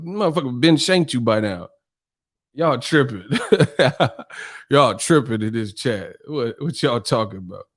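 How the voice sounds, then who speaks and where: Profane, joking man livestreaming about boxing. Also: mid-range voice. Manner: profane, joking, laughs often, mimics voices. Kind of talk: casual livestream chat reading viewer comments.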